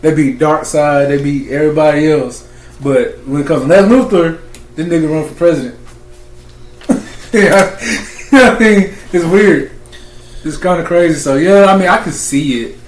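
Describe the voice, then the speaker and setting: A man's voice: a little high, unhurried. A man co-hosting a comic book podcast, laughing often, talking in slang and restarting his sentences. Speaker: podcast co-host. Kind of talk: casual comic book review chat. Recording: echoey room with faint hiss.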